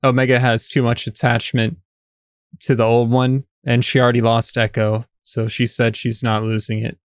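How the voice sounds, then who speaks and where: A man's voice: medium pitch, moderate pace, clear, resonant tone, no room sound, clean studio sound. A man co-hosting a casual chat about a TV episode, talking in an easy way with many fillers and restarts. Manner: even, relaxed, lots of fillers and restarts. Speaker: podcast co-host.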